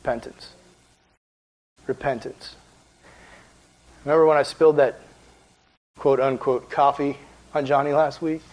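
A man preaching as a youth pastor in a casual, animated, conversational way, with lots of filler words. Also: medium pitch, unhurried, long pauses, low-quality recording. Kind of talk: casual sermon.

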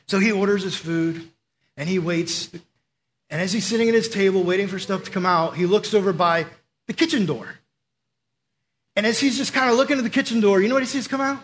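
High-voiced, energetic young preacher man. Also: fairly quick. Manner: energetic, conversational, acts out quoted voices. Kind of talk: casual sermon with storytelling.

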